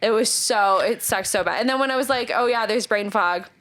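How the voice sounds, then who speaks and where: A woman's voice: mid-range voice, brisk. A woman talking casually as a podcast guest, rambling through personal stories with lots of fillers. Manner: rambling, animated storytelling with many fillers.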